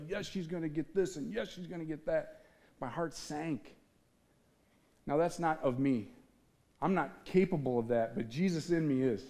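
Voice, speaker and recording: A man's voice: medium pitch, mellow. A man from the Midwest giving an earnest testimony talk on stage, telling his story with feeling and acting out the voices he quotes. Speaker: speaker. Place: on stage before an audience.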